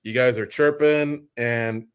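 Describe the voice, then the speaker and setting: A man's voice: mid-range voice, steady tone, slow pace, clean tone. Chatty male radio host. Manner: chatty, long winding questions. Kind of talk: interview questions and wrap-up.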